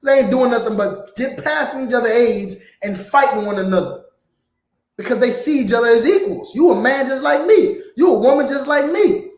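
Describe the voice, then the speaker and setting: High-pitched guy preaching hard, blunt and fiery, roomy echo. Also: animated, moderate pace. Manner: fiery, blunt, tags lines with "man". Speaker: preacher teaching a class. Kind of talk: heated preaching lecture. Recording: echoey room.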